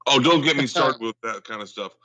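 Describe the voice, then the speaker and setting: A man's voice: mid-range voice, a little fast, pushed and bright. A man in casual chat ranting irritably and swearing.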